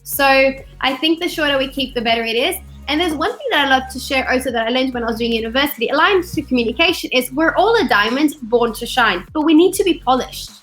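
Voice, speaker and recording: A woman's voice: high voice, quick pace, hardly any pauses, soft background music. A woman hosting a webinar over a video call, talking casually and animatedly, often acting out what people said. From not from Australia; studied there. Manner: animated, chatty, acts out quotes. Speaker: webinar host.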